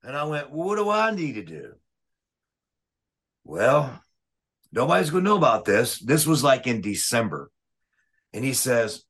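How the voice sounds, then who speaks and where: A man telling wrestling stories in a casual, profane and animated way. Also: medium pitch, a little slow, pauses often. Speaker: wrestling referee guest. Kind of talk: casual storytelling.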